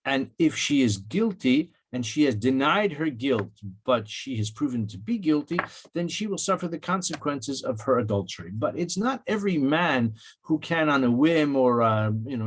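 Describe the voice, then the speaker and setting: A man giving a weekly Torah lesson in a measured way, quoting Hebrew verses and often rephrasing himself with fillers. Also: medium pitch, animated. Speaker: rabbi teaching Torah portion.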